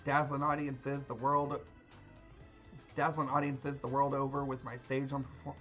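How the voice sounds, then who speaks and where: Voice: mid-range voice, level tone, normal speed, fairly bright tone, soft background music, lightly acted. A woman reading as a folksy young dancer. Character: cheerful hard-of-hearing young female dancer.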